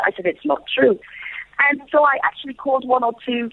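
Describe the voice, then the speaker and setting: Lively female guest, husky voice, phone-line sound, animated storytelling. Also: sits high, a little fast. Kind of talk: casual storytelling on a call. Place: at home in Sierra Leone.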